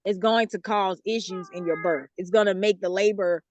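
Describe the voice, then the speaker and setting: A talkative woman with a light Southern US accent answers interview questions at an ordinary, mid-height pitch. She explains things loosely, with plenty of fillers and easy laughter. The sound is dry and close, with no room echo. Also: steady tone, normal speed, darkish tone. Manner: chatty, laughs often, explains with many fillers. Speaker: guest author.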